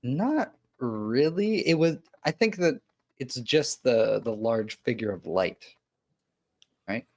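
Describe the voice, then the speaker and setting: A man's voice: medium pitch, expressive, takes it slowly, darkish tone. A man playing a tabletop game, chatting in a hesitant way and laughing often. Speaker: player. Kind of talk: casual tabletop play.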